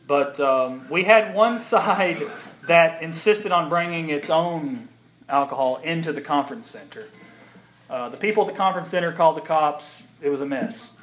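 A man's voice: a little high, a bit bright. A young pastor from the United States delivers a sermon in a raised, light voice. He talks conversationally, stumbling over restarts and fillers, then pushes harder as his points build. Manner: conversational, with frequent ums and restarts; builds in intensity at key points.

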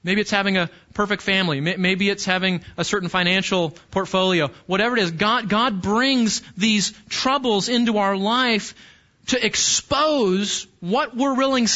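A male pastor with a high, bright voice delivers a sermon, teaching through a passage with earnest explanation and frequent rhetorical questions. The recording sounds a little dull and muffled.

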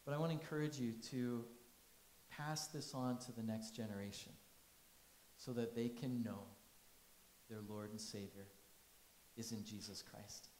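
A man's voice: medium pitch, steady tone, measured pace, long pauses, a little mellow, reverberant, slight background noise, poor audio. A man giving a conversational sermon, telling stories and asking the congregation questions. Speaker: pastor.

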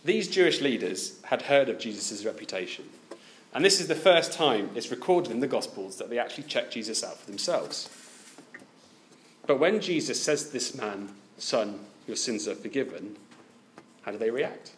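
Guy preaching a sermon, really lively up and down voice, keeps asking the crowd questions. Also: mid-range voice, normal speed, a little hiss or hum. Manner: lively, asks the listeners many direct questions.

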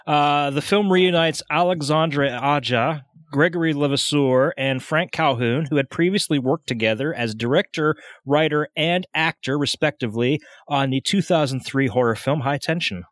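A man's voice: a little high, normal speed, few pauses, fairly bright tone, no room sound, clean studio sound. An American man co-hosting a casual podcast, reading film facts aloud with easygoing fillers. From United States. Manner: laid-back, reads notes aloud with fillers. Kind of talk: casual chat.

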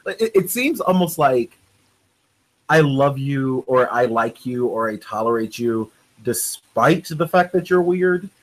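A man in casual conversation, playful and quick to laugh. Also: medium pitch, animated, low-quality recording. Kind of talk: casual chat.

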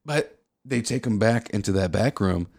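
A man co-hosting a casual comedy podcast, telling crude jokes and animated stories. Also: on the low side, normal speed. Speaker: podcast co-host.

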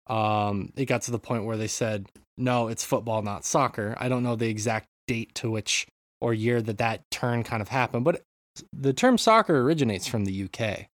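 A man's voice: medium pitch, no room sound. A man in casual podcast chat, chatty and long-winded, with a mid-range voice recorded dry and close. He explains things in detail and keeps saying sorry. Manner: apologetic, chatty, explaining at length. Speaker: podcast host. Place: home room in a city with street protests outside. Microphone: remote call, mutes mic.

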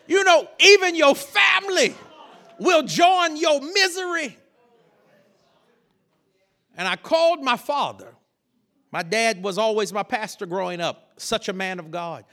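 Animated high-voiced male preacher. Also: unhurried, pauses often. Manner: animated, laughing, shouting bursts. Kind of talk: lively sermon storytelling. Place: church sanctuary.

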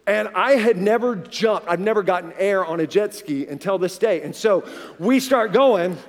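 Preaching a sermon, a man in his forties who is a pastor uses a high voice at a moderate pace. The long reverb of a large hall surrounds him as he animatedly relates a personal story and acts out the dialogue.

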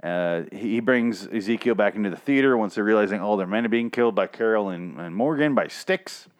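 In a lowish voice, a young man gives a casual, profane recap of an episode. He rambles sarcastically and often mocks the characters with quick put-on voices.

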